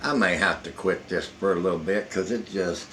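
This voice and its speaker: A man's voice: deep voice, normal speed, a bit bright, a little hiss or hum, poor audio. An older man who tells folksy jokes and stories in a rambling way, sitting indoors. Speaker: storyteller. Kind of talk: casual folksy joke-telling. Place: indoors in a hot room.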